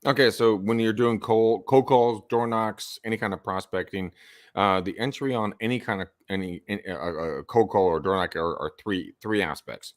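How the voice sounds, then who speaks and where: A man giving sales advice as a podcast guest, animated and swinging his voice up and down for emphasis. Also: fairly low pitch, normal speed, no room sound, studio quality. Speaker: real estate sales coach.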